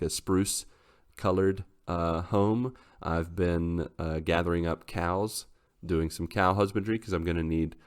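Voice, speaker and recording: A man co-hosting a casual podcast, telling a long rambling story in a lively way. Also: low-pitched. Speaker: podcast host.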